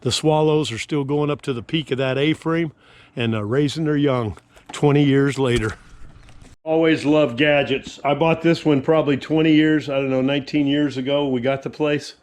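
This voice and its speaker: Holding an action camera, an older homeowner walks through his lakeside yard outdoors, grumbling and rambling folksily in a casual self-filmed vlog. He speaks at a moderate pace in a fairly high, slightly mellow voice with fairly even intonation.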